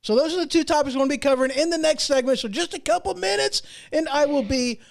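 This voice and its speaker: High-voiced rambling man host. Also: quick pace, creaky. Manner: rambling, self-deprecating, with frequent restarts and fillers. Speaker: podcast host. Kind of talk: casual monologue storytelling.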